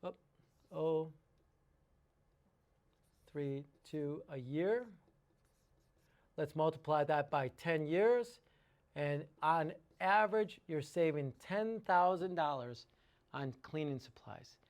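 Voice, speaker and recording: A man's voice: fairly high pitch, slow pace, long pauses. Upbeat man walking through cost math. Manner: enthusiastic, works sums aloud, asks rhetorical questions. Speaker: water treatment educator and salesman. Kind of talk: informal sales presentation.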